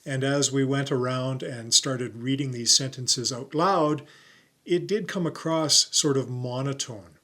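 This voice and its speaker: Bright-voiced man coaching on camera. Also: medium pitch. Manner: clear, deliberate presenter delivery with stressed keywords. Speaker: YouTube coach and host. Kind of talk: on-camera tutorial.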